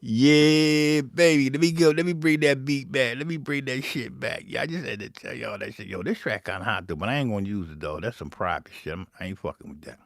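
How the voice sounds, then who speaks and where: Beatmaker host, profane and rambling, mid-pitched and dry. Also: male voice, a little fast, vocal fry, hardly any pauses, no echo. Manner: profane, rambling, animated storyteller. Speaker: beatmaker streaming live. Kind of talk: casual chat while making beats.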